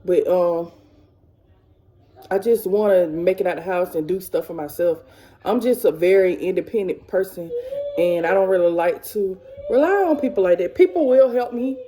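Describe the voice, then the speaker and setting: Emotional, rambling woman vlogger, warm voice. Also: fairly low pitch, moderate pace. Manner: rambling, repeats herself, emotional. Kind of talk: emotional casual chat to camera. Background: kids faintly in background.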